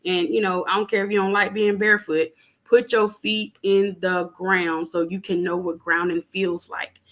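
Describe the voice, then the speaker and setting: A young adult woman appears as a podcast guest for a casual spiritual chat, sounding animated and preachy. She speaks plainly with lots of fillers, at a medium pitch and a moderate pace.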